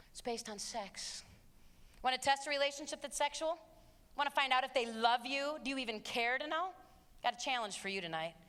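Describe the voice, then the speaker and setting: A woman giving an impassioned, emphatic motivational talk to teens, swinging between loud and hushed passages. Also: a little high. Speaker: youth abstinence speaker. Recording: long hall reverb, faint audience.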